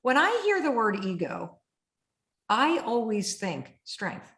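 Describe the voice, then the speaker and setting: A woman hosting a podcast in casual chat, animated, often acting out her inner voice in a higher tone. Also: takes it slowly. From United States. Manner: animated, acts out her own inner voice in high tones. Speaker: podcast host. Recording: roomy echo.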